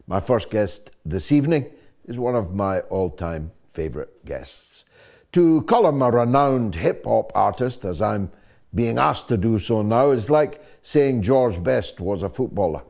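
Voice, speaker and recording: An older man hosts a live-streamed talk show with a fervent, oratorical and wry delivery. His voice sits low and sounds dark and mellow. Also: animated, measured pace, vocal fry. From Scotland. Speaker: show host.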